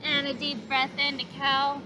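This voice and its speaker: A young woman with a bright, high voice leads a gentle yoga class outdoors, calmly cueing each breath and stretch with steady encouragement. Traffic and open-air noise sit clearly behind her. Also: normal speed. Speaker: yoga instructor. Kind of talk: guided yoga class instruction. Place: outdoors in a park.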